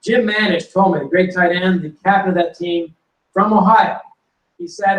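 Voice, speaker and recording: A man telling animated football stories to an audience and acting out quotes and punchlines. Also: high voice, moderate pace. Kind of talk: storytelling to a live audience. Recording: roomy hall recording from a distance.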